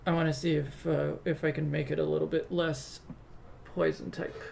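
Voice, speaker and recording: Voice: medium pitch, flat delivery, moderate pace, creaky, a little mellow, a little hiss or hum. A streamer chatting casually while designing, hesitant and often restarting sentences. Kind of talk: casual live-stream chat.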